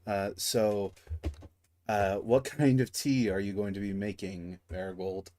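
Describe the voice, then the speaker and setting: Slow, halting male dungeon master. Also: on the low side, steady tone, darkish tone. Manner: halting, slow, many fillers and restarts. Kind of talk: tabletop game narration over voice chat.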